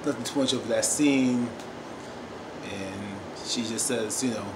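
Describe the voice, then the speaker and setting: A man's voice: medium pitch, a little slow. A man giving a casual review of a TV episode, emphatic and repetitive, often calling out to his viewers. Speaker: TV show reviewer. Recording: echoey room with steady noise.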